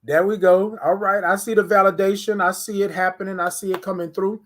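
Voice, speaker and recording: With a high-pitched voice and a slightly fast pace, this morning livestream host talks right to his viewers with energy and plenty of repetition. He leads them in breathing in a casual stream, recorded indoors on a phone or webcam close to his face.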